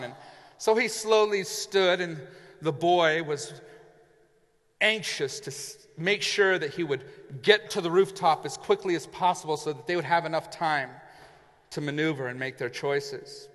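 A man's voice: fairly high pitch, measured pace, fairly bright tone. A male pastor preaching a sermon, retelling a story vividly and acting out the characters. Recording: long reverb in a large hall.

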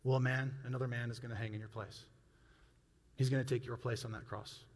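A preacher playing a calm male jail guard. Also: medium pitch, brisk, slightly rough, big-room sound, voice pushed down. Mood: matter-of-fact.

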